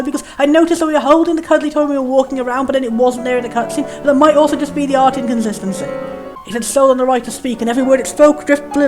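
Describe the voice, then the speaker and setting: Let's play host, woman, high voice, rapid delivery; reads game text aloud and muses in confused asides. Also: a little mellow. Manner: rambling, puzzled questioning asides. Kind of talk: casual game commentary, reading on-screen text aloud. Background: faint game music.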